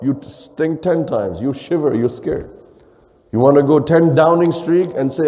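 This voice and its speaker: A man's voice: fairly high pitch, normal speed, warm tone. A man with a preaching a sermon as imam, mixing in phrases, asking rhetorical questions and acting out quotes. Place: mosque hall. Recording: long hall reverb.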